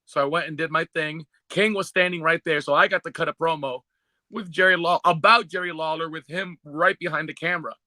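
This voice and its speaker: A man's voice: on the high side, steady tone, brisk, bright, forceful tone, dry recording. A man hosting a casual podcast chat, enthusiastic and easily moved. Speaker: podcast host.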